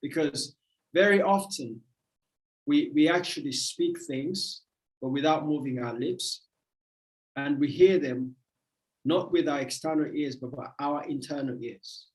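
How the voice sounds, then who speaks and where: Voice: mid-range voice, measured pace. A motivational speaker giving a livestream talk, emphatic and repetitive in a preacherly way. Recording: roomy echo.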